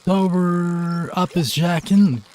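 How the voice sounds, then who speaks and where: A man's voice: high-pitched, steady tone, takes it slowly, darkish tone, voice pushed up. A man voicing a flustered drunk driver pleading with a police officer, stammering.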